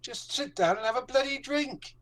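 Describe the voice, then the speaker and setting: A man's voice: extremely high pitch, normal speed, crowd noise. A man playing a tabletop game, boisterous and teasing in character. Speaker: player. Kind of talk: in-character tabletop role-play.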